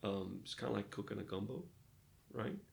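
A man from Arkansas, a pastor, telling lively stories in a casual interview and acting out the dialogue. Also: fairly low pitch, moderate pace, vocal fry. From Arkansas, United States. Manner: lively storyteller who acts out dialogue.

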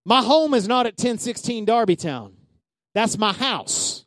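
A man preaching a sermon as pastor, swinging from loud calls to hushed asides. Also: very high-pitched, lively intonation, a little slow, dry recording.

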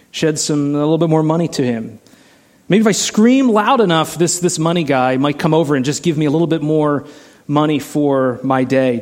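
A man's voice: mid-range voice, a little mellow. A man preaching a sermon in a casual, conversational way, asking the listeners many rhetorical questions. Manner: many restarts and "like" fillers. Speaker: pastor.

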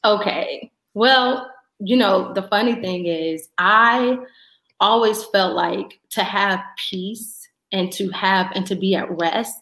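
A woman guest on a faith podcast telling her testimony and acting out her own dialogue with lively energy. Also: medium pitch, slow, echoey room. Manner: animated storyteller, acts out her own dialogue.

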